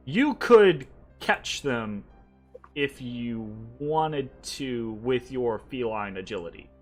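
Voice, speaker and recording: A man's voice: mid-range voice, animated, slow. A man narrating as game master in a tabletop game, casual and loose, with many fillers and tag questions. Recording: faint background music.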